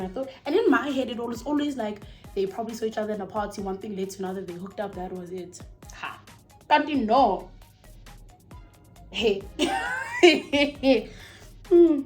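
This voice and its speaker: A young South African woman telling a story in a casual vlog, animated and swearing, with lots of "like". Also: on the high side, measured pace, pauses often, faint music behind. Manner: animated, swearing, exclaiming, peppered with "like".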